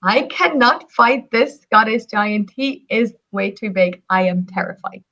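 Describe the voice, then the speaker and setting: Scared male Irish giant as an Irish woman puts him on, pleading tone, slightly lower voice, muffled lo-fi sound. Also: lively intonation, a little slow, sharp tone, exaggerated voice. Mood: terrified. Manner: fearful, pleading storyteller voicing.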